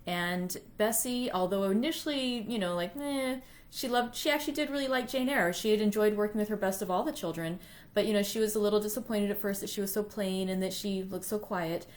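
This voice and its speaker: A woman's voice: mid-range voice, fairly quick. A woman hosting a library read-aloud, casually recapping the story so far with chatty fillers. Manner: chatty, uses fillers like "you know".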